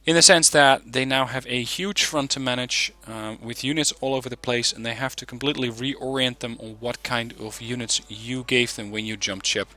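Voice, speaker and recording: A man hosting a gaming channel, giving relaxed, chatty commentary on a game replay with frequent ums. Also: medium pitch, normal speed, hardly any pauses.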